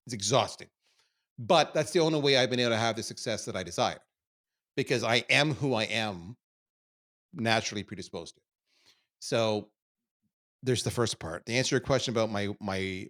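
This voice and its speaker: A middle-aged man from Canada, a podcast guest, telling stories about his life in a candid, self-deprecating way that swings between quiet asides and loud bursts. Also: on the low side. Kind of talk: candid conversational storytelling.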